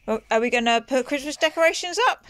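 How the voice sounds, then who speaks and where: A woman gently and playfully coaxing her small daughter through a bedtime chat. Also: high voice, brisk, clean tone, dry recording. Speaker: mother filming with her daughter.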